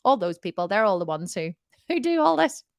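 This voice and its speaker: A woman's voice: medium pitch, sing-song, a little fast, vocal fry, no room sound, studio quality. A woman diet coach answering viewer questions in a live Q&A, blunt and direct, often laughing and swearing jokingly.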